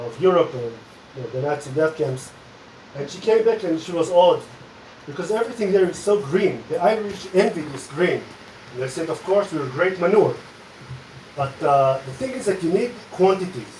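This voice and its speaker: An Israeli man in his forties performs stand-up in English, his second language after Hebrew, delivering dark jokes deadpan with plenty of hesitant "uh"s. His voice sits a little high for a man. It is caught from a distance in an echoey basement room with faint ambience behind. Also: a little hiss or hum. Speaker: stand-up comedian. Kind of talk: open-mic stand-up. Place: small basement comedy club. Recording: roomy echo, distant mic.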